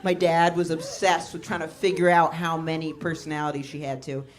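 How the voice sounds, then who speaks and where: A woman doing a stand-up set on a comedy club stage, telling stories in a deadpan way and jumping into quick voices for her family. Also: low voice. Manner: deadpan storytelling, acting out her dad and mom in quick voices. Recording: live club recording, crowd laughter and noise. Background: audience laughter.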